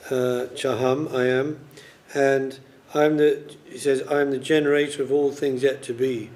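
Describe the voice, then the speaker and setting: A man's voice: medium pitch, level tone, a little slow, darkish tone. A man leading a scripture study group, explaining verses casually with many fillers. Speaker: class leader.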